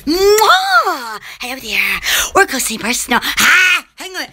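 A woman's voice: sits high, huge pitch swings, measured pace, pushed and bright. A woman hosting a casual livestream, chatting in a giggly, rambling way. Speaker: channel host.

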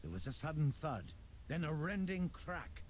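A man giving scripted storytelling narration for a video game, measured and even. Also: on the high side. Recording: hissy game audio.

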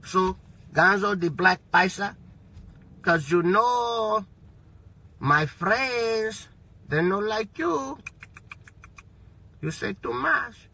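A man putting on a low, menacing gangster boss. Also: animated, creaky, bright, forceful tone, breathy edge, full character voice. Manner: slow, low, threatening delivery.

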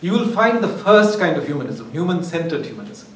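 A man's voice: a little high, sing-song, brisk, fairly bright tone. A man giving an academic lecture, discursive and wry, often restarting his phrases. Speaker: guest lecturer. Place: lecture hall. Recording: echoey hall, far from mic, faint ambience.

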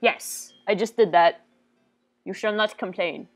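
A woman giving casual, goofy, excitable commentary while she plays a video game, often talking to the characters on screen. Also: medium pitch, a little slow, soft background music. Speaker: let's play gamer.

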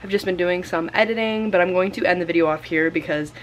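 A woman's voice: on the low side, fast talker, a little hiss or hum, low-quality recording. A young woman, chatting casually to her camera as a lifestyle vlogger and filling her talk with "like.". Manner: chatty, rambling with frequent "like" fillers. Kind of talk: casual vlog chat.

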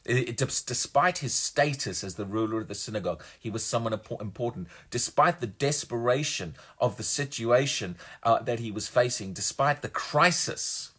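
A man's voice: lowish voice, fairly bright tone, slightly rough. A man preaching a sermon with emphasis, often repeating words as he builds a point.

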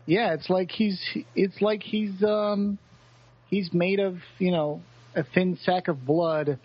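A man co-hosting a podcast in casual book talk, halting and repeating words as he thinks. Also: high voice, steady tone, breathy edge, muffled recording. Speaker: podcast co-host.

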